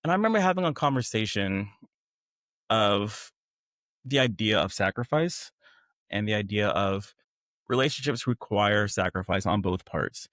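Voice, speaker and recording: Man, podcast guest, candid storytelling, animated retelling, laughs at the absurdity, dry close sound. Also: lowish voice, normal speed, long pauses, no room sound.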